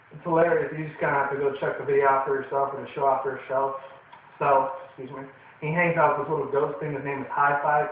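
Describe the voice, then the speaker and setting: A man's voice: on the high side, slight background noise. A young man giving a casual, rambling, profane cartoon review full of fillers. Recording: echoey distant tinny lo-fi recording.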